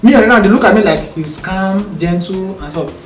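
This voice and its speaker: A man, a podcast co-host talking calmly and earnestly, often checking whether he is understood. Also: high-pitched, fast. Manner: calm, earnest, explaining with rhetorical checks. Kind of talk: casual conversation. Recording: roomy, distant mic, faint music.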